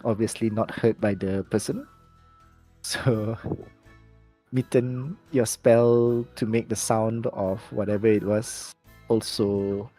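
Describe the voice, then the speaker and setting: A low-pitched man with a soft, mellow voice narrates a tabletop role-playing scene as game master. He talks haltingly, backing up and fixing his words as he goes, with faint music behind him. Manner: hesitant, many restarts and self-corrections.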